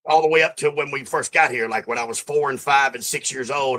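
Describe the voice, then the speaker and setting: A man in his fifties, born in Australia and raised in the American South, rambles casually as an interview guest, repeating himself and saying "bro" and "man." His mid-range voice is fairly quick and a bit bright, on a low-quality recording.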